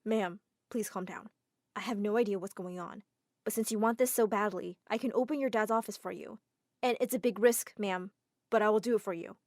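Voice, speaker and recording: A woman voicing a nervous, polite young male assistant who speaks in a hushed, deferential way. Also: medium pitch, a little fast, dry recording, clean studio sound, natural voice. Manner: hushed, deferential, keeps saying ma'am.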